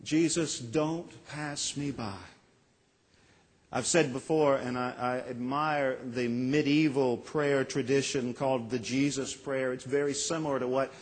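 A man preaching a sermon as a pastor, earnest with dramatic pauses and acted-out quotes. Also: medium pitch, little pitch movement, big-room sound.

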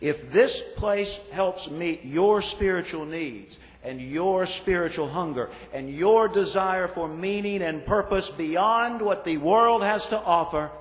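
A male pastor preaching a sermon, slow and measured, stressing lists of words with falling endings. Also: fairly high pitch. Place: church sanctuary. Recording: reverberant church sanctuary.

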